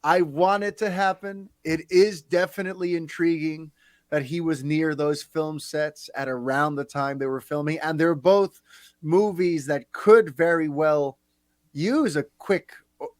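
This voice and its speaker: Man, podcast host, chatty, somewhat high voice, dry sound. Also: no echo. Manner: chatty and animated, quick asides. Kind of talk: casual chat.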